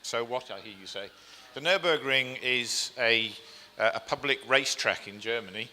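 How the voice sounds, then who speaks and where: With a medium-pitched, pushed and bright voice at a moderate pace, a man chats his way through a slide talk before a live crowd in an event hall. He says um a lot, pokes fun at himself, and asks the audience questions. There's a long hall reverb plus a little hiss or hum.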